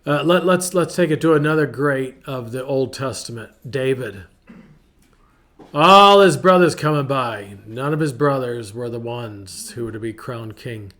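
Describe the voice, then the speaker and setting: Chatty, animated man giving a devotional talk. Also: mid-range voice, measured pace. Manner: chatty and animated, acts out quotes in varied voices. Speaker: ministry podcast host.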